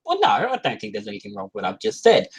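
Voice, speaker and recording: A man's voice: fairly high pitch, racing, gravelly, breathy edge, poor audio. A man co-hosting a live podcast chat, talking casually and animatedly. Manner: animated, slips into silly character voices. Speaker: podcast co-host.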